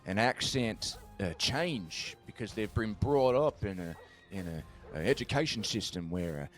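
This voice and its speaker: A man's voice: lowish voice, animated, moderate pace, soft background music, natural voice. Guy as a jittery cowboy who rambles on n swears, self-deprecating, western rp. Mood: curious. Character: nervous rambling frontier man. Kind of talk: western roleplay.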